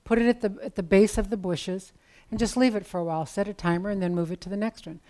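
A woman's voice: medium pitch, fairly even intonation, fast, dark tone. A woman preaching a sermon in a conversational, storytelling way with casual asides.

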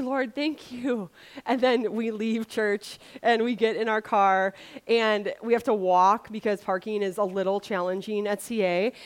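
A woman preaching a sermon in a chatty, animated way, acting out people's complaints. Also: on the high side. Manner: chatty and animated, acts out grumbling voices.

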